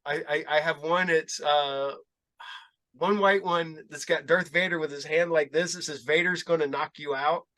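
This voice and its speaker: A middle-aged man hosting a podcast, telling rambling, animated stories in casual chat and laughing along. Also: a little high, normal speed. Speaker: podcast host.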